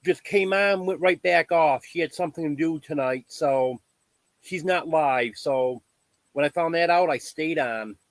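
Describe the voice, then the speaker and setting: A man's voice: fairly high pitch, unhurried, no echo. A man explaining something matter-of-factly in a casual live-stream chat.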